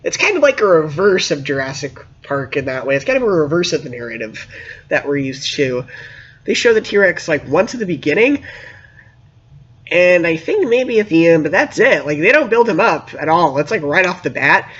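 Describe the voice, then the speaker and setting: A man giving a casual spoken movie review, animated and emphatic, with many fillers. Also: a little high, normal speed, breathy edge, lo-fi sound.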